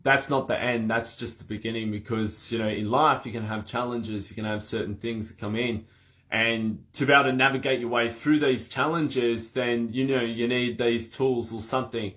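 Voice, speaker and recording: A man coaching breath work in a casual conversation, animated and laughing as he acts out little scenes. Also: mid-range voice, normal speed.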